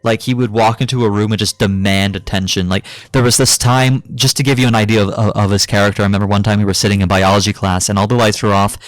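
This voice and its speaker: A man's voice: on the low side, steady tone, fast talker, hardly any pauses, no room sound. A young adult man giving a casual, rambling gaming commentary, swearing freely and filling his talk with ums and uhs. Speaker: gaming YouTuber.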